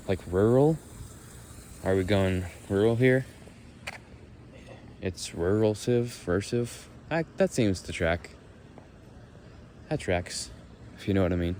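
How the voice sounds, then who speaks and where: A young man musing and thinking out loud as he walks outdoors through leaves. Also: deep voice, slight background noise. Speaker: vlogger. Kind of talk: rambling walk-and-talk monologue.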